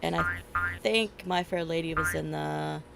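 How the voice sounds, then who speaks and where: A woman's voice: deep voice, measured pace, creaky, poor audio. A middle-aged woman streaming a game, chatting in a rambling way and laughing often. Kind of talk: casual chat while gaming. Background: game music.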